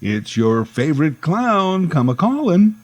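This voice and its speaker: A man voicing a silly, cheery male children's TV clown in a high, stretched-out sing-song voice. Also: sing-song, measured pace. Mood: goofy.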